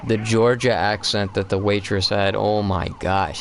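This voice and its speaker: A man's voice: on the low side, fairly even intonation, normal speed, hardly any pauses. A young man co-hosting a live stream, telling rambling stories in a casual, profane chat while he plays a game. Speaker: streamer co-host.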